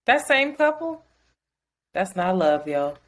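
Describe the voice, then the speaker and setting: A woman's voice: medium pitch, big pitch swings, slow pace. A woman co-hosting a podcast, chatting casually and reacting with wry remarks. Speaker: podcast co-host. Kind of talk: casual chat.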